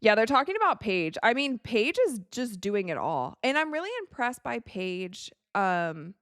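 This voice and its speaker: A woman's voice: a little high, sing-song, normal speed, fairly bright tone, dry recording, clean studio sound. A woman hosting a casual live-stream watch party from her home set, chatting, reading out viewer comments and laughing often.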